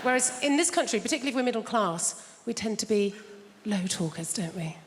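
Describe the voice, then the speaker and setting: A woman's voice: on the high side, lively intonation, fast. Brash, chatty female stand-up, in a long hall echo. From England. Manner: brash, chatty, teasing the audience. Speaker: stand-up comedian. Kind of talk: stand-up comedy. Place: large theatre stage. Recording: reverberant theatre with loud noise.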